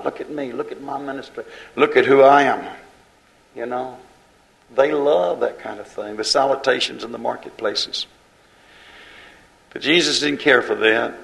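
A man preaching a fiery sermon in a repetitive cadence, swinging between loud and hushed lines. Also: mid-range voice, vocal fry, low-quality recording.

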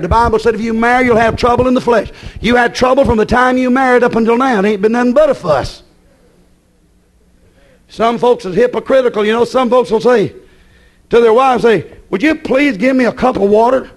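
A man preaching a sermon, folksy and scolding, swinging between shouts and low, hushed asides.

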